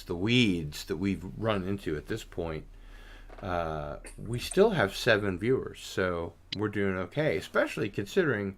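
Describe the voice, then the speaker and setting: A man with a fairly low voice hosts a casual livestream chat. He tells long, rambling stories with a self-deprecating, chatty manner. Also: sing-song, normal speed. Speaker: stream host.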